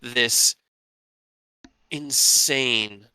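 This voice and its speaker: Guy game-mastering a tabletop session, bright clear voice, dry close mic, kinda rambly. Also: mid-range voice, drawn-out words, no room sound. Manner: casual, loose, lots of fillers and restarts.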